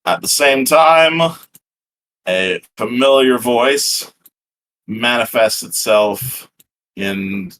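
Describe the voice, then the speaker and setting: A man's voice: medium pitch, extremely slow, long pauses, fairly bright tone, slight background noise. A man narrating as game master of a tabletop role-playing game, rambling and restarting his sentences as he describes the scene. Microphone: headset or desk mic on a live stream.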